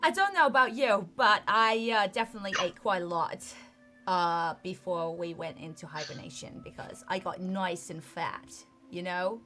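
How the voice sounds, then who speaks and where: A woman's voice: fairly high pitch, lively intonation, brisk, faint music behind, natural voice. A woman voicing a sleepy female honey badger in a tabletop game, with a put-on accent that keeps drifting. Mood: groggy.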